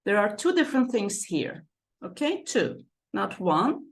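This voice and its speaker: A woman's voice: mid-range voice, sing-song, measured pace. A woman who is a native Turkish speaker, teaching English vocabulary in a patient classroom manner. She repeats key words and keeps checking in with "okay?" and "right?". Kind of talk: classroom-style explanation.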